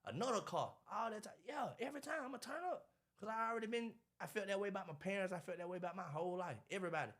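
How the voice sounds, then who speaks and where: A man, talking in a casual interview about his life, animated and preachy, acting out what others say. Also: high-pitched, racing. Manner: animated, preachy storytelling with acted-out quotes. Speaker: podcast guest, motivational speaker.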